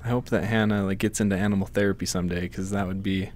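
A man hosting a podcast interview, calm and curious, answering with short affirmations. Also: low voice, quick pace, a little hiss or hum. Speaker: podcast host.

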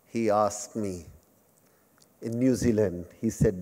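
A man's voice: lowish voice, steady tone, takes it slowly, warm tone. A man in his fifties with an Indian accent, giving a humorous lecture in simple English mixed with Hindi and joking about himself. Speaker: guest speaker at a memorial lecture. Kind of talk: humorous speech to a live audience. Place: large lecture hall. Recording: long hall reverb.

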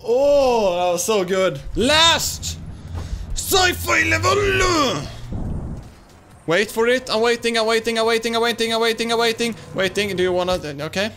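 A young man giving excitable let's-play commentary, laughing and shouting at wins and fails. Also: high voice, quick pace, hardly any pauses, background noise. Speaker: gaming YouTuber.

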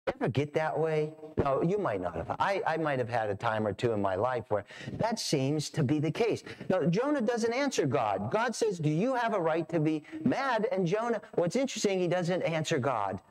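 A man's voice: fairly high pitch, sing-song, moderate pace. A middle-aged man preaching a sermon as pastor, storytelling with animation and acting out voices. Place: church sanctuary.

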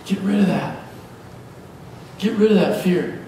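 A man preaching a sermon as pastor, lively and joking as he urges the congregation on. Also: high-pitched, measured pace, gravelly. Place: church sanctuary. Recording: echoey hall from far off, faint hiss.

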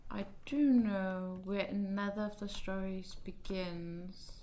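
Slow and warm, a woman's medium-pitched voice keeps a steady tone as she plays a puzzle game on stream. Her let's-play commentary is hesitant and casual, full of fillers while she figures things out.

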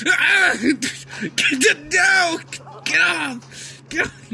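A man giving excited gameplay commentary, yelling, laughing and pleading with his opponents as he plays. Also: extremely high pitch, very slow, creaky, soft background music. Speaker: gaming video creator.

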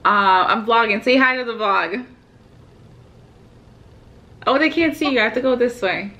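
On a casual phone video call with family, a young woman vlogging from her hotel room tells a story. Her voice is a little high, bright and forceful, and she keeps things chatty with quick bursts of laughter.

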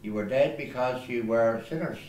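A man, a priest reading scripture aloud at Mass, in a slow, deliberate way with small slips and self-corrections. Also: mid-range voice, a little mellow, lo-fi sound. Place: small chapel oratory indoors. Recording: echoey chapel with faint background hiss.

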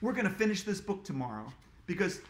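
An author reads his own book aloud to children at a quick pace, playfully teasing them between chapters. His high voice swings up and down in a lively way, and the recording echoes as if in a roomy space.

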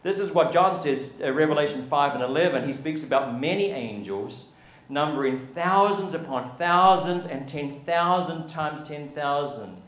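A man's voice: fairly high pitch, expressive, moderate pace, fairly bright tone. A man preaching a sermon as pastor, building to emphatic peaks and asking the congregation questions. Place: church sanctuary. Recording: echoey church room.

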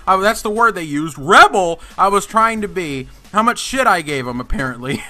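A young man hosting a gaming channel, telling a story in an indignant, swearing rant. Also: high voice. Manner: animated, indignant ranting with heavy swearing. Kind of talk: storytime vlog over gameplay.

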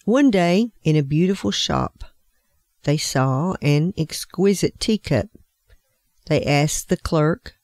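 A woman preacher reading a devotional story in a measured, deliberate way. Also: lowish voice, lively intonation, darkish tone, no echo, clean studio sound.

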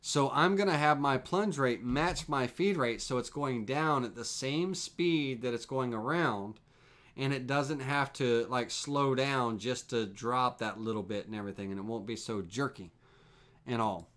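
Man demonstrating CNC software on a live stream. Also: mid-range voice, a little slow. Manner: relaxed, repetitive explaining with fillers. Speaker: CNC woodworking instructor.

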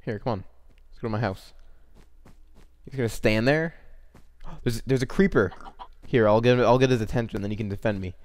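A young man casually commentating his own video game play, rambling and breaking into quick excited exclamations. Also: mid-range voice.

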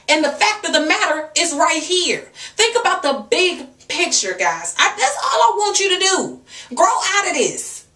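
A woman's voice: high-pitched, sharp tone, reverberant, far from the mic. A woman, giving a passionate, preachy vlog rant full of rhetorical questions. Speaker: natural hair and fitness vlogger.

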